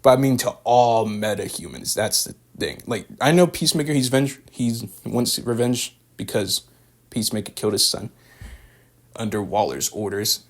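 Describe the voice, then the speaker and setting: Young man, casual review recap, rambling, slangy, lowish voice. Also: lively intonation, normal speed. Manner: rambling, filler-heavy, slangy.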